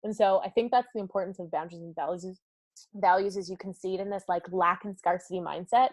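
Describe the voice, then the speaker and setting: Bubbly, fast-laughing woman hosting live. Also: fairly low pitch, no echo. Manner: energetic and effusive, laughs often; talks directly to viewers and reads comments aloud. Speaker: summit host. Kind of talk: live-streamed motivational talk.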